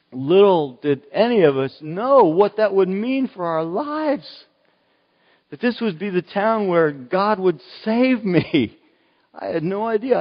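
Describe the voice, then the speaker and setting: An older man preaches, his voice sitting a little high for a man. He is earnest and emphatic and often restarts his phrases. The recording is somewhat dull, with a long echo from the hall. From Oklahoma, US. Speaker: pastor. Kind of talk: sermon.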